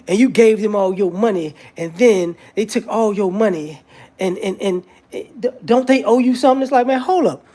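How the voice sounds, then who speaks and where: A man's voice: high-pitched, darkish tone. A man giving a casual, rambling commentary monologue with frequent restarts and repetitions.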